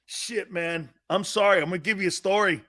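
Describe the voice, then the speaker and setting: A man with a high-pitched, bright voice hosts a sports talk show as a live stream, reading viewer comments and telling animated stories in between. He speaks a little fast, loose and casual, laughing hard at his own jokes.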